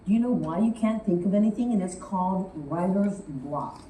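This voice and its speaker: Lively woman coaching speech writing. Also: mid-range voice, normal speed. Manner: lively storytelling, acts out quotes. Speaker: public speaking coach. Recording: roomy, distant from the mic, faint noise.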